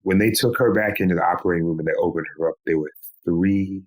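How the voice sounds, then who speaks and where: A man, a podcast guest, recounting a painful personal story in a slow, measured way. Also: low-pitched, steady tone, poor audio. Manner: slow, measured telling with pleading quoted lines.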